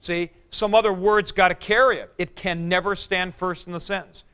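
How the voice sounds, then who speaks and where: A man teaching a Greek grammar class in a classroom, explaining slowly and calling on students by name. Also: high voice, steady tone, sharp tone, slight background noise. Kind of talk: classroom lecture.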